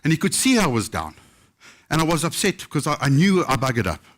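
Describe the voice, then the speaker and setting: A man's voice: on the high side, big pitch swings, brisk, fairly bright tone. A man with a South African English accent telling anecdotes at a book festival, acting out the voices of people he quotes. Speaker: chef telling stories. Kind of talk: live storytelling talk.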